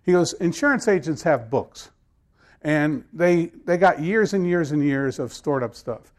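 A man preaching a sermon to his congregation. His voice sits slightly high. He talks in a loose, conversational way, then leans hard into the scripture passages with growing force. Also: lively intonation, unhurried. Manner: conversational storytelling, rising to emphatic scripture reading. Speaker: pastor.

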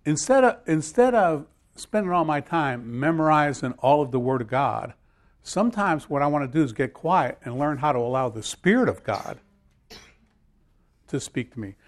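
Male preacher, high voice, very animated, emphatic, repeats phrases. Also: moderate pace. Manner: repetitive, emphatic, jokes with audience. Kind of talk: sermon.

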